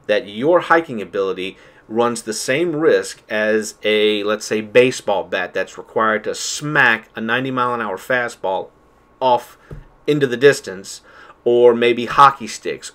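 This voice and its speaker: A man's voice: medium pitch, fairly bright tone. Male host, fired-up rant, scolding his audience, mid-range voice. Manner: emphatic, lecturing, worked up. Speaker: channel host. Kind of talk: heated monologue to viewers.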